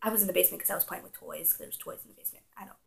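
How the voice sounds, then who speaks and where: A young woman tells a story from her childhood in a loose, chatty vlog style. Her voice carries a strong vocal fry, and she throws herself into her younger self's panic with animated energy. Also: lowish voice, racing, low-quality recording. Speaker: vlogger.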